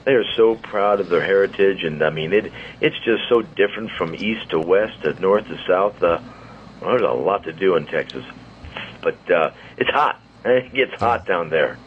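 A man in his sixties chats as the host of a radio talk show, his voice sitting low. He tells stories in a loose, rambling way. The sound is a bit dull, with faint hiss behind it. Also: animated. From St. Louis. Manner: chatty storyteller, quick asides. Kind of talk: casual radio chat. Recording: muffled studio audio with faint hiss.

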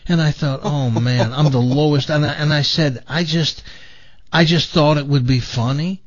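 A man hosting a radio talk show, telling a story in an animated, self-mocking way. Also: on the high side, normal speed, dry recording. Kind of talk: casual storytelling chat. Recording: dull lo-fi broadcast sound.

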